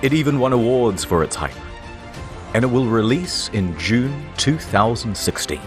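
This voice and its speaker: A man's voice: mid-range voice, sing-song, moderate pace, loud music behind the voice. A man giving comedic scripted narration in a wry, matter-of-fact way.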